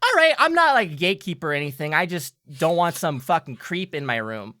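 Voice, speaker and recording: A man's voice: a little high, sing-song, fairly quick, pushed and bright, dry recording, clean studio sound, pitched above the performer's own voice. A man voicing a brash, muscular young female pixie student who talks bluntly and defensively. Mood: suspicious.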